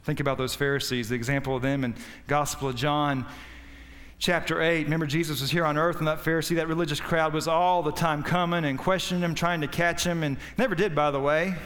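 A man preaching a sermon with passion, his voice swinging between loud high peaks and low quiet stretches. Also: fairly even intonation, fairly quick, big-room sound. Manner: impassioned, rising and falling in pitch and volume.

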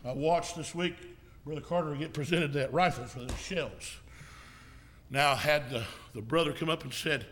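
A man preaching as an evangelist in a folksy style, now and then rising to a shout and coughing. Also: a little high, normal speed. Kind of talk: sermon.

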